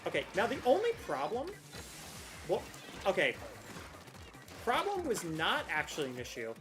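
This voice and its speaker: A woman's voice: on the low side, normal speed. Young woman rambling over her game stream, voice bouncing all over, bit of music behind. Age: young adult. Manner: chatty, rambling, restarts, excited outbursts. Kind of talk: casual gameplay commentary.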